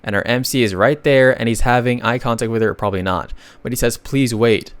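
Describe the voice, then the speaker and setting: A man's voice: mid-range voice, fairly quick, smooth, no room sound. A man narrating a comic recap in a casual, chatty way, reading out the dialogue and adding joking asides to viewers.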